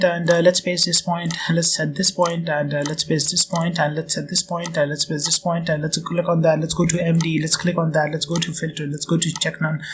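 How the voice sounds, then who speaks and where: A man with a sore throat walking through software steps quickly, repeating short instructions and filling gaps with "uh" and "and". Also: fairly high pitch, slight background noise. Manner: rapid, repetitive step-by-step instructions with many fillers. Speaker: software tutorial presenter. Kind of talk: screen-recorded software walkthrough.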